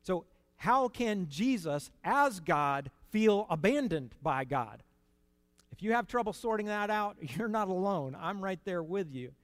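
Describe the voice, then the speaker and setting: A man preaching a sermon in an earnest, conversational way, rising to emphatic peaks and dropping to quiet asides. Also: high-pitched, animated, a little slow, no room sound.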